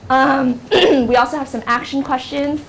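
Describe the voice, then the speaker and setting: A young adult American workshop instructor teaches her class in a university classroom in a casual way, filling her lecture with ums and likes. She speaks a little slowly in a high-pitched voice, over a little hiss or hum.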